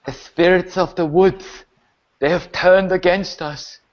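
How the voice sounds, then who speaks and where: A man's voice: high-pitched, fairly even intonation, dull audio. A man doing a gasping raised corpse. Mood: haunted. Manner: halting, broken gasping speech. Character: dead elf villager briefly raised, gasping.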